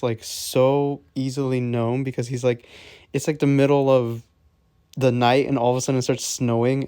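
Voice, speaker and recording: A man reviewing a movie in a loose, rambling way, peppering his talk with fillers and laughter. His voice sits at an average pitch. The recording is dry and close. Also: darkish tone, dry recording. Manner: rambling, lots of 'like', laughs often. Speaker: film reviewer, co-host.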